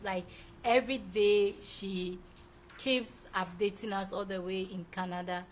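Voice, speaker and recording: A woman's voice: mid-range voice, slight background noise. A young woman hosting a show, chatting effusively and laughing often as she reads out viewer messages. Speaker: show host. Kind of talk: casual live-show chat reading viewer comments.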